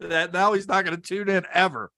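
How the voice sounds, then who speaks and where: A man's voice: high-pitched, fairly even intonation, brisk, sharp tone, no echo, studio quality. An American man co-hosting a racing podcast, reading viewer comments aloud and laughing easily. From United States. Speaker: podcast co-host reading chat. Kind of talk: casual chat.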